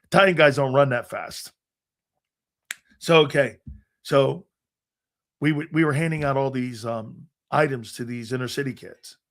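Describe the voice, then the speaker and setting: Gravelly man telling rambling stories. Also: mid-range voice, unhurried, pauses often. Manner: rambling, animated anecdotes with restarts. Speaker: sports talk show host. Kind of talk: casual storytelling.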